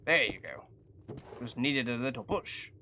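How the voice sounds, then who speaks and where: A gaming streamer giving casual live commentary while playing, chatty, jokey and quick to poke fun at themselves. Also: medium pitch, very animated, sharp tone, muffled recording, slight background noise. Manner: chatty, self-mocking and jokey.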